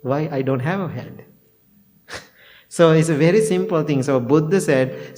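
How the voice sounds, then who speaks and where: Chuckling monk giving a homely talk. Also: male voice, medium pitch, normal speed, a little mellow. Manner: plain simple phrasing with chuckles, acts out both sides of conversations. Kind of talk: informal dharma talk to a temple group.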